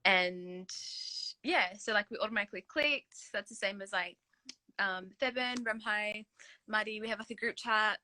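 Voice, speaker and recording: A woman's voice: medium pitch, moderate pace, pushed and bright, poor audio. A young woman from Australia, co-hosting a casual chat in a rambling way. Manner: rambling, many fillers and restarts. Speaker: co-host.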